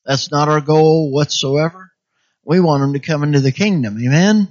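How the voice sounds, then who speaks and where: A fairly high-voiced man preaching a sermon, punctuating his points with amen and hallelujah and slipping into little voices for the people he quotes. The recording is dull and lo-fi. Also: normal speed, darkish tone. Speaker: pastor. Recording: dull lo-fi sound.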